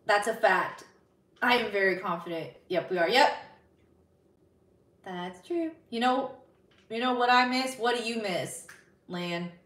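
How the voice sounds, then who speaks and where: A woman's voice: medium pitch, unhurried, long pauses, fairly bright tone, far from the mic. A woman live streamer in casual chat, bubbly and giggly as she reads viewer messages aloud. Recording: roomy sound, slightly off-mic.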